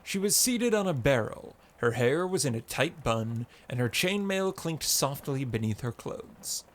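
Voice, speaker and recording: A man narrating an audiobook story in a measured, descriptive way. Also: medium pitch, very animated, a little hiss or hum.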